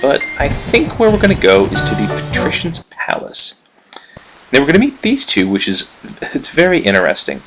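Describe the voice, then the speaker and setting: A man giving relaxed, chatty commentary on a game he plays for viewers, fond of its writing. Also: a little high, moderate pace, over music. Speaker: let's player. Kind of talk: gameplay commentary.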